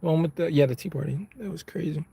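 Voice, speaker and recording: Husky, gravelly streamer guy. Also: a little high, fast talker, mellow. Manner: laid-back, rambling, drops bro and man often. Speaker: live streamer chatting with viewers. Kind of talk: casual chat with live chat. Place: inside a car.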